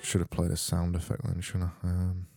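A man hosting a comedy podcast, reading out listener messages in a deadpan, rambling, self-mocking way, with faint music behind. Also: low voice, moderate pace, creaky, husky. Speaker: podcast host.

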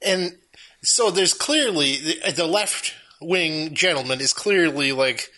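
A man's voice: on the high side, animated, slow, pushed and bright. A man picking apart a film in casual chat, sarcastic and profane. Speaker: film reviewer.

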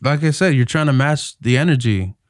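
A man's voice: mid-range voice, expressive, fairly quick, no room sound, clean studio sound. A young adult man, an actor, talking about his work in a loose, casual way, often saying "like" and "man". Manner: laid-back, loose, peppered with "like" and "man". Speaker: actor guest. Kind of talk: casual interview.

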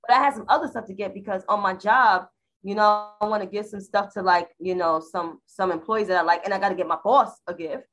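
A woman's voice: mid-range voice, fairly quick, a bit bright, rough recording. A woman co-hosting a podcast, ranting in a blunt, profane, emphatic casual chat. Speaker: podcast co-host.

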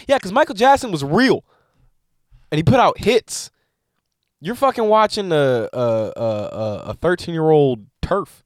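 A man co-hosting a comedy podcast in casual chat, ranting in an animated, profane way. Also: fairly high pitch, normal speed, no echo, clean studio sound.

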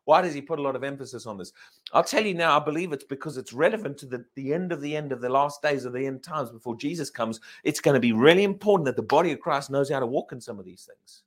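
A man preaching a sermon, reading scripture aloud and putting emphatic questions to his listeners. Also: fast. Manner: emphatic, asks the congregation questions; lively, swinging pitch. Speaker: pastor.

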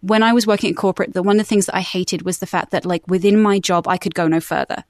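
A woman's voice: lowish voice, fairly even intonation, fast talker, no echo, studio quality. A woman who works as a voice-over artist, chatting upbeat and laughing often in a podcast interview. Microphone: studio microphone.

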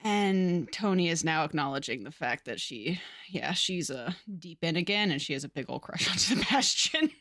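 A woman's voice: sits low, very animated, normal speed, hardly any pauses, fairly bright tone, dry recording, studio quality. Laughing, swearing podcast co-host woman. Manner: laughs often, swears casually. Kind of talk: casual book chat.

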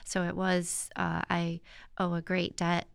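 Woman, guest, earnest reflective storytelling, soft hesitations, gravelly voice, dry recording. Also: lowish voice, monotone, unhurried, dry recording. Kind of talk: personal testimony in conversation.

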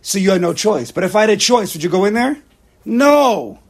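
A man teaching a Torah class to a small group, his voice a little high with a gravelly, husky texture. He poses rhetorical questions and drops Hebrew and Yiddish words into his English. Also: brisk. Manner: animated, rhetorical, sprinkles Hebrew and Yiddish terms.

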